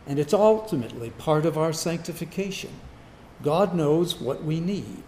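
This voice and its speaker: Man, pastor, sermon, rhetorical questions, repeats key words, very expressive pitch, echoey church room. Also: a little hiss or hum. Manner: asks the congregation rhetorical questions.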